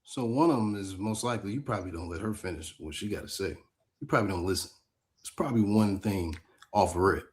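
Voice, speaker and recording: A man with a fairly low voice argues in a live online room. He talks back with street slang and a defiant edge. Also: animated, brisk, a little mellow. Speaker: guest speaker. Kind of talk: heated live audio-room argument.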